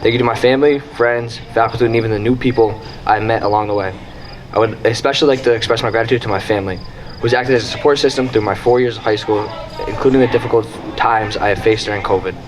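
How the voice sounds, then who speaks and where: An eighteen-year-old young man reads a formal graduation-style speech at a quick clip. His voice sits fairly low for his age, and he keeps a steady, earnest tone throughout. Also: slight background noise, low-quality recording. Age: late teens. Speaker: graduating student speaker.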